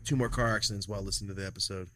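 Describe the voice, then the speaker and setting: A man's voice: on the low side, fairly even intonation, racing, sharp tone. A man hosting a podcast, chatting casually and telling profane stories, acting out what people said. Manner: profane, acts out quotes with big swings, laughs a lot. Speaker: podcast host. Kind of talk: casual chat, storytelling.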